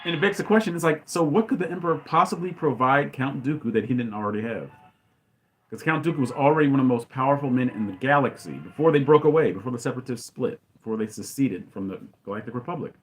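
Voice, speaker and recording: A man giving opinionated, ranting fan commentary as a channel host, with loud outbursts. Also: mid-range voice, lively intonation, fast, soft background music. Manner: ranting, exclaims loudly.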